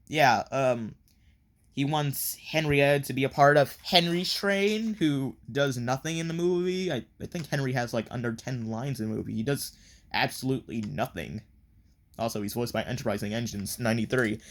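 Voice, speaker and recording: A man's voice: medium pitch, a bit bright. A man giving a casual, rambling plot recap review, full of frequent ums and offhand, wry asides. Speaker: video reviewer.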